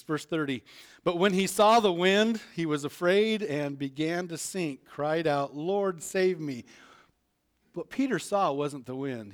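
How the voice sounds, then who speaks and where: A man preaching a sermon, retelling a Bible story in a casual way, acting out the characters' lines and chuckling as he goes. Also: on the high side. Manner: retells scripture conversationally, acts out voices, chuckles.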